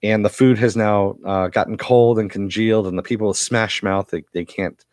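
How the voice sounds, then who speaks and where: A man's voice: fairly low pitch, steady tone, normal speed, a little mellow, no room sound, clean studio sound. A man with a cough giving a casual, rambling recap of a TV episode, full of fillers. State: has a cough. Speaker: TV episode reviewer.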